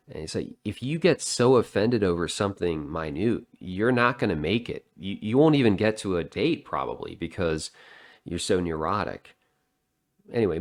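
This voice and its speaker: Deep-voiced man in a sardonic ramble. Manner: sardonic, digressive. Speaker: vlogger. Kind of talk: casual rambling monologue.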